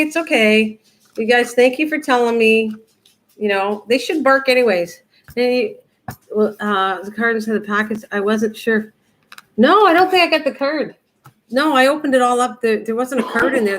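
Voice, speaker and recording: Chatty older woman, higher voice. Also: rough recording. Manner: chatty, rambling, answers viewers, laughs easily. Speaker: crafting livestream host. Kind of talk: casual live crafting chat.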